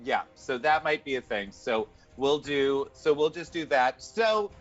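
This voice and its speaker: A man acting as game master, making quick rulings in a playful, chatty way. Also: mid-range voice, lively intonation, fairly bright tone, faint music behind. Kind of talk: running a tabletop game online. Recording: muffled lo-fi stream audio.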